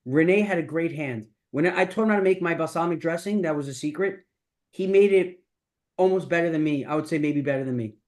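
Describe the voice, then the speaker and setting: Fairly high in pitch yet darkish in tone, his voice moves fairly quickly. He is a middle-aged business coach giving a masterclass, talking casually and emphatically, rambling and restarting often.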